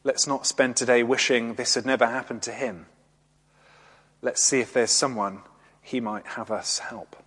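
A man preaching a gentle, reflective sermon, speaking in short pauses. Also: medium pitch, steady tone, slightly rough, big-room sound. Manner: gentle, reflective, pausing often.

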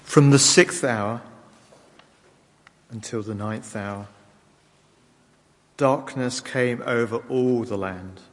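A man reading scripture aloud in a measured, solemn way. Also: mid-range voice, big-room sound. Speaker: scripture reader. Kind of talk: liturgical Bible reading.

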